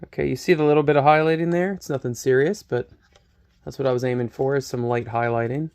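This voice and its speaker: This painting-channel host has a medium-pitched, steady voice that's clear, resonant, and a little mellow, and he speaks at a quick pace. In a laid-back tutorial, he chats, pokes fun at himself, and thinks aloud into a camera mic close to his face.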